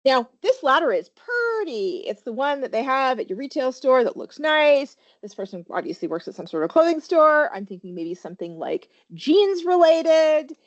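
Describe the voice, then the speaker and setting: A woman's voice: high voice, sing-song, normal speed, hardly any pauses, dull audio. A woman workplace safety trainer giving a webinar presentation, talking animatedly and quizzing her listeners with questions.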